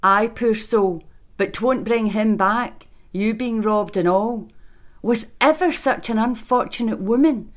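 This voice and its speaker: A man reading an audiobook voices a fretful, self-pitying inn landlady in a shrill, rustic, old-fashioned way. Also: slow. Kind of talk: audiobook character voice.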